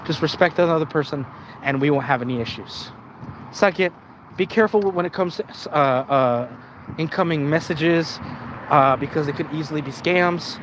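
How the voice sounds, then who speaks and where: Male channel host, casual live-stream rambler with a high-ish voice, heavy profanity, quiet traffic noise in the background. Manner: rambling and profane, with frequent restarts.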